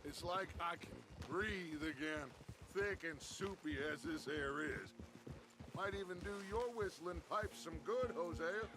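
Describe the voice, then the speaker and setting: An actor playing a charismatic, grandiose middle-aged gang leader in a video game, talking in a smooth, theatrical, persuasive way. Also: male voice, a little high, a little slow, close to an everyday voice. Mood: wistful.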